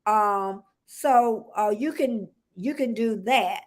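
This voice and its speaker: A woman's voice: mid-range voice, slow pace. A woman from the United States hosting a casual live stream, rambling chattily, greeting viewers by name and laughing often. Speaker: livestream host.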